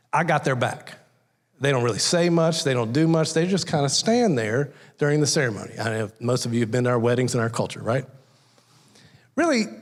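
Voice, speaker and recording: A man preaching a conversational sermon as a guest speaker, telling folksy stories and acting out little voices in his anecdotes. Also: a little high. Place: church sanctuary. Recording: long hall reverb.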